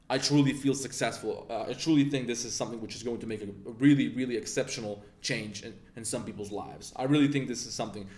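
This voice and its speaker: A man's voice: mid-range voice, darkish tone. Man, intense motivational rant, blunt, swearing, echoey room. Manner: blunt, confrontational and profane. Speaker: online mentor pitching a course. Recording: roomy echo.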